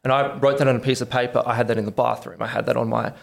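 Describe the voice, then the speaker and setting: A man's voice: medium pitch, little pitch movement, rapid-fire, vocal fry. A man in his twenties with an Australian accent, telling his story enthusiastically as a podcast guest. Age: 20s. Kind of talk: casual storytelling.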